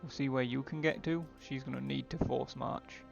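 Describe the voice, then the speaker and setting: A man's voice: mid-range voice, steady tone, moderate pace, vocal fry, dull audio, loud music behind the voice. A man on a live game stream, casually thinking aloud about his moves.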